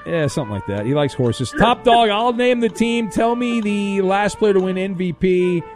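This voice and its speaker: A man's voice: sits high, expressive, moderate pace, a little mellow, faint music behind. A man hosting a sports radio show and running a quiz game, teasing the players as he goes. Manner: playful, teasing quizmaster. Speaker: radio host.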